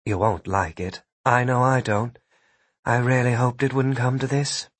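A man's voice: medium pitch, fairly even intonation, measured pace, no echo, close to an everyday voice. A man voicing a stubborn, determined sorceress who speaks in a wry, blunt way, in a read-aloud fantasy story.

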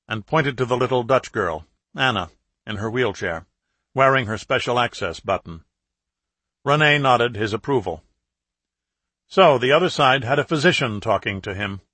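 A man narrating a thriller audiobook in steady, clear storytelling. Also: medium pitch, no echo. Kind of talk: scripted narration.

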